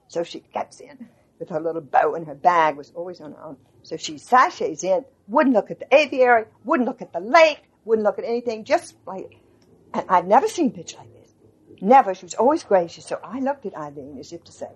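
A woman's voice: mid-range voice, a little fast, breathy edge, highs cut off. An older woman animatedly recalling a story in an interview, acting out what people said. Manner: animated, quotes people, restarts often. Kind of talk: storytelling reminiscence.

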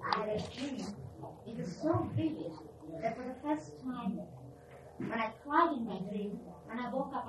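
A woman from India, gently recounting spiritual memories with pauses and restarts. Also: on the high side. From India (Pune). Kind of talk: reflective spiritual talk. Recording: echoey room, distant mic, background noise.

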